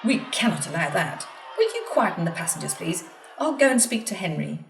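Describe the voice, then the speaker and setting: A woman voicing a stern, portly railway boss who is fussy but fair, speaking briskly and with authority. The recording sounds like an echoey room picked up from a distant mic. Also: lowish voice, sing-song, gravelly, slight background noise. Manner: brisk and commanding.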